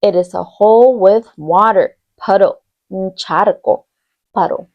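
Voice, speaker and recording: Woman, bilingual teacher, unhurried, gravelly tone, patient repetition for young kids. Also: medium pitch, dull audio. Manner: repeats each word in English and Spanish, encouraging. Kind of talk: slow bilingual classroom lesson for young children.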